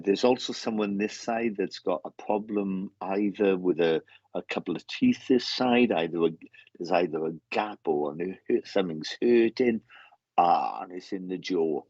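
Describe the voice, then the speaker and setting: A man giving a mediumship reading, halting and repeating his words, calling the sitter mate. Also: low voice, darkish tone, dry recording. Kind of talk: casual spoken reading. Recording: dull lo-fi sound.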